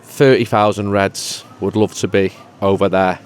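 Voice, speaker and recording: A man's voice: fairly low pitch, steady tone, measured pace, slight background noise. A man as a regular pundit in casual podcast chat, joking and rambling before turning rousing. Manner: jokey, rambling, then rousing.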